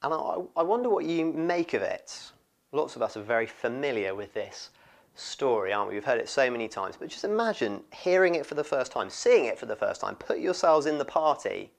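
A man preaching a sermon, expressive and lively, often acting out what people in the story say. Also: medium pitch, brisk, vocal fry. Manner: expressive, acts out quoted voices.

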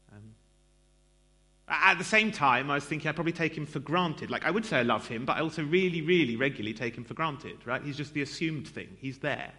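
Chatty man preaching, lively pitch. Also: brisk. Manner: self-deprecating, chatty, lots of fillers and asides to the congregation. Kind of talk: conversational sermon.

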